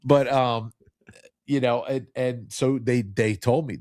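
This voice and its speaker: A man's voice: lowish voice, normal speed, a little mellow, dry recording, clean studio sound. A man in his fifties with a faint New Jersey accent, hosting a casual interview and telling rambling stories with many restarts. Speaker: podcast host.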